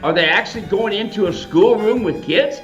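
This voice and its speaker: Older ranch guy giving folksy tips, kinda high voice, echoey lo-fi sound. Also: brisk, fairly bright tone, soft background music. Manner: folksy, emphatic and encouraging. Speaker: mule ranch owner and guest expert. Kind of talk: casual advice chat.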